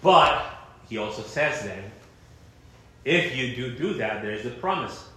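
A man preaching a sermon as pastor, talking in a lively, conversational way and laughing now and then. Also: medium pitch, a little slow, echoey room.

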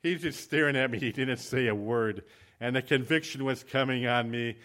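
A male preacher delivering a sermon in an animated storytelling manner, his voice at an ordinary middle pitch for a man. He talks to the congregation plainly and directly, then moves into a spoken prayer. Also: normal speed. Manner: animated, acts out quoted voices. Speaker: visiting preacher.

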